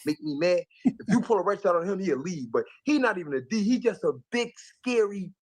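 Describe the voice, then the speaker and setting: High-voiced boxer talking trash. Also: male voice, expressive, a little fast, breathy edge. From North Philadelphia. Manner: heated, boastful, streetwise slang. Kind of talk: fight-week trash talk interview.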